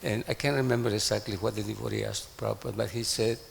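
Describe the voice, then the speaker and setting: A man's voice: fairly low pitch, steady tone, fast talker, vocal fry, in a large hall, a little hiss or hum. A man in a class telling an anecdote, acting out the quoted dialogue as he goes. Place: temple hall.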